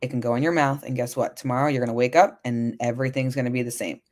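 A woman voicing her relaxed inner realist, a blunt, reassuring everyday woman. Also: extremely low pitch, fast.

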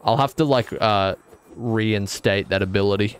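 A man's voice: lowish voice, a little slow, slight background noise. A young man streaming a game, rambling and joking as he answers his chat. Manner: rambling, jokey, talks back to chat. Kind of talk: casual gaming stream commentary.

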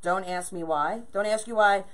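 A woman's voice: medium pitch, normal speed, fairly bright tone. A woman hosting a live crafting stream, greeting viewers by name and counting aloud as she works. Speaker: craft livestream host. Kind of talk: chatty livestream while crafting.

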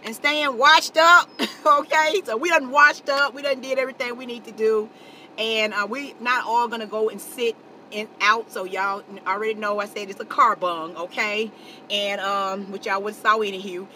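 Bright-voiced chatty woman vlogging in a car. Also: fairly high pitch, steady tone, moderate pace, a little hiss or hum. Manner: chatty, tags lines with "okay" and "y'all". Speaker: family channel host. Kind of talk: casual vlog to camera. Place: inside a car.

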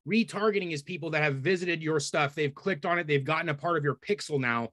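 A man's voice: a little high, fairly bright tone, no echo. A man moderating a webinar, friendly and a little stammering, fielding questions from the audience. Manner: friendly, stammering, quick to agree. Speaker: webinar host.

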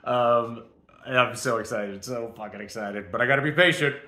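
A man's voice: mid-range voice, moderate pace, bright, forceful tone. A man recording a rambling, defiant spiritual rant on his phone camera, swearing heavily as he talks. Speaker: vlogger.

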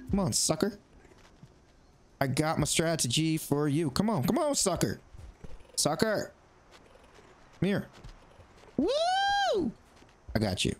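Excitable man narrating his gameplay. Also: a little high. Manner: excitable, talks to the creatures on screen. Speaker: gaming YouTuber. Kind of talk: let's play commentary.

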